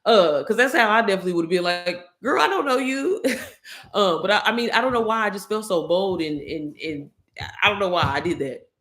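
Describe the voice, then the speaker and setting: A woman's voice: lowish voice, fast talker, fairly bright tone. A woman YouTuber telling a story to her viewers, candid and slangy, swearing freely and calling them y'all.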